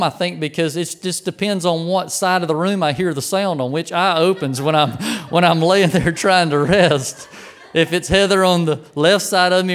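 A middle-aged man, preaching a sermon in a folksy, humorous way through a childhood story. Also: fairly high pitch. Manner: folksy, humorous, lots of restarts and fillers. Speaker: pastor.

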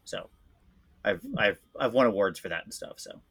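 A man chatting casually as a podcast guest, rambling and self-deprecating, quick to laugh at himself. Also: fairly low pitch, gravelly, fairly bright tone. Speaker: guest voice actor.

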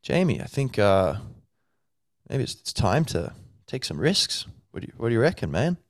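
A man voicing a humble, muscular man who personifies courage and gently urges risk. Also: mid-range voice, sing-song, no echo, clean studio sound, voice pushed up, natural voice. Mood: encouraging. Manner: slow, gentle, encouraging.

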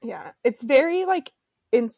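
A woman's voice: high voice, sing-song, a little slow, gravelly, warm tone, dry recording, studio quality. A woman hosting a book podcast, chatting casually with lots of fillers and giggles. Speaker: podcast host and romance author. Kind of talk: casual chat.

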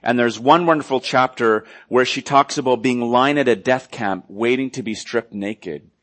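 A male pastor preaching a sermon earnestly, moving between loud emphasis and hushed, quiet passages. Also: mid-range voice, moderate pace.

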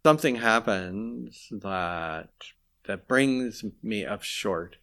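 Low gravelly man, reflective interviewee, halting and confessional. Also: lively intonation, a bit bright. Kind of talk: reflective spoken testimony.

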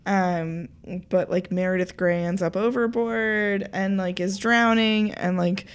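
A woman chatting on a casual podcast, jokey and quick to tell a story. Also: mid-range voice, fairly even intonation, clean tone. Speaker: podcast co-host or guest.

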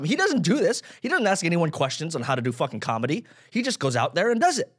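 Fast-talking and slightly rough, this thirty-something podcast host has a somewhat high voice with wildly swooping pitch. He rambles through a casual rant about himself, swearing and putting himself down.

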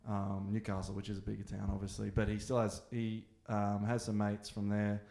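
A man's voice: on the low side, monotone, normal speed, vocal fry, dark tone. Easygoing man in an echoey room. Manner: easygoing, swears casually, asks questions. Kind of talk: casual comedic chat.

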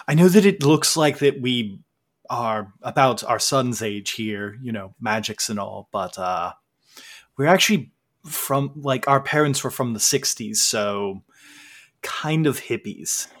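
Man doing a laid-back hippie parent, sheepish, hesitant, slow-spoken, tabletop game. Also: mid-range voice, animated, fairly bright tone.

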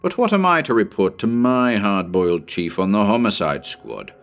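A man's voice: lowish voice, very animated, normal speed, vocal fry. A man voicing a gloomy young police detective who complains in an exasperated way.

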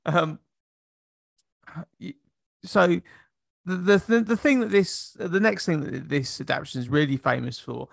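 A man with a gravelly, creaky voice chats casually as a podcast co-host. He stumbles and repeats words and laughs a lot, close to the mic in a dry room with no echo. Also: high voice, a little slow, long pauses. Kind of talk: casual film review chat.

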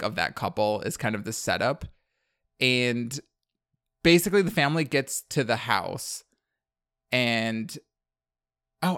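A young man rambles through a movie recap on a podcast, stacking up "like" and breaking into laughs. His voice sits at an ordinary pitch and sounds close and dry. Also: fairly bright tone, dry recording. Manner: rambling, filler-heavy, laughing often. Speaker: podcast co-host. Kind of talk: casual chat recapping a movie.

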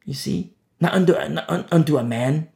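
A man preaching an expository sermon, passionate, repeating words for emphasis and swinging between loud declarations and hushed asides. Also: fairly high pitch, moderate pace, vocal fry. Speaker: pastor.

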